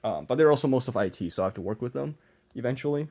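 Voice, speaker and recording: Rapid-fire and a little mellow, a young man's medium-pitched voice rises and falls lively as he vlogs casually while working on a project. He mumbles, teases himself, and often stops partway and restarts.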